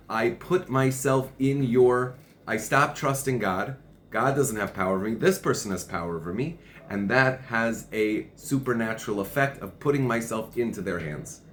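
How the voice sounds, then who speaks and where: A man's voice: on the low side, a little hiss or hum. A man teaching religious texts in conversation, working through a passage step by step and reading parts of it aloud. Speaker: Torah teacher.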